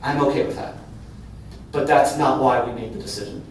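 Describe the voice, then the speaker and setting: A man's voice: mid-range voice, brisk. A middle-aged man from Cincinnati speaking candidly to a live audience as a company leader, in an earnest, conversational way that keeps tagging "right?". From Cincinnati, Ohio. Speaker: company CEO speaking at a business breakfast. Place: large event room. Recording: very echoey hall from far off, faint hum. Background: occasional audience laughter.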